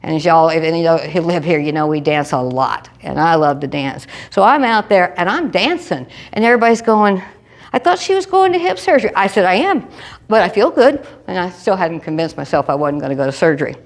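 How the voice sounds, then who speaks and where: A woman, telling a personal story to a live group and acting out every line of dialogue with big jumps in pitch. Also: expressive, brisk. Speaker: presenter sharing a testimony.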